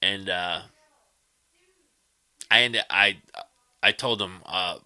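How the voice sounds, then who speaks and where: A man's voice: deep voice, slow, sharp tone, clean tone. A man hosting a guitar livestream, chatting casually and rambling through stories with frequent chuckles.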